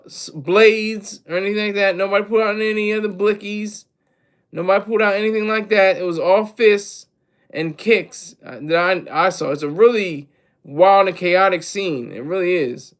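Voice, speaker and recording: A man's voice: sits high, a bit bright. A man hosting a casual livestream, talking energetically and rambling, with many restarts and asides to his chat viewers. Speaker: livestream host.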